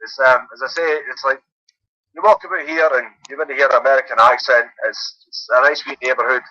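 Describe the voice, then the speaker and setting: A man calls into a phone-in and chats away easily, filling his talk with "like" and "you know". His voice is bright and forceful, and the line is dull and lo-fi. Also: medium pitch, fast talker, no room sound. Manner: chatty, says like and you know what I mean. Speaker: caller. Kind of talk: casual phone chat.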